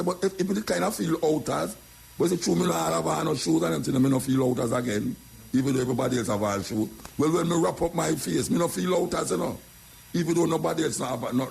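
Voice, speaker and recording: A man's voice: a little high, gravelly, a little mellow, breathy edge. An older Jamaican man talking in a casual monologue, repeating phrases as he tells his story in patois. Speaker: radio talk host.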